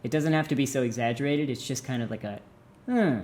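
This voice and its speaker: A man's voice: mid-range voice, fast talker, darkish tone, a little hiss or hum. Playful man teaching with jokes. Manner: playful, exaggerated tone demonstrations. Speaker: language teacher. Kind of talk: jokey video lesson.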